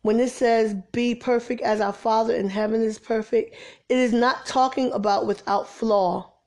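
Woman preacher, slightly high voice, informal impassioned sermon, soft near-whispered asides. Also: fairly even intonation, normal speed. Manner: preachy, rising to exasperated emphasis, drops to soft near-whispers.

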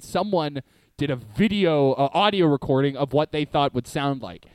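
A man's voice: medium pitch, moderate pace, darkish tone, clear, resonant tone, no room sound. A young man co-hosting a podcast in casual chat, joking and rambling and laughing often. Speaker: podcast co-host.

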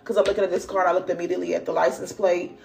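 Racing along in a gravelly, lowish voice, a young woman hosts a spiritual podcast. She tells a dream story casually, laughing, exclaiming, and using plenty of slang, and then reads cards.

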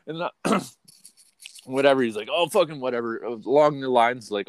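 A man hosting a podcast, ranting unfiltered in a profane, rambling way that swings between loud outbursts and quiet mutters. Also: mid-range voice, a little fast, smooth, dry recording. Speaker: podcast host. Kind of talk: unfiltered casual rant.

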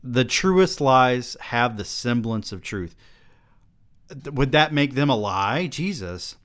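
A man's voice: medium pitch, animated, slow, a bit bright. A young man reads his own early novel aloud and mocks it with sarcastic, swearing commentary.

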